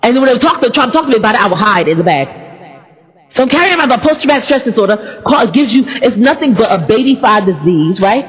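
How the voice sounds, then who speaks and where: A woman preaching an informal, animated sermon that mixes personal stories with repeated phrases. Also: fairly high pitch, quick pace. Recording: dull recording in a reverberant hall.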